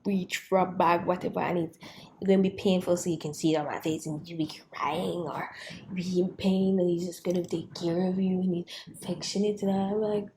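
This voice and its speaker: A woman's voice: on the low side, fairly even intonation, normal speed, darkish tone, a little hiss or hum. A young woman vlogger telling a personal story in a rambling, frustrated way, sometimes dropping into a whisper.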